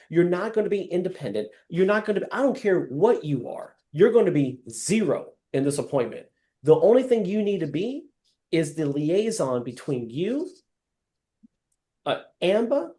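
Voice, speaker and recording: A man leading a live sales training session over a video call, acting out scenes and calling on trainees by name. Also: fairly high pitch. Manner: animated, acts out scenes, addresses trainees by name.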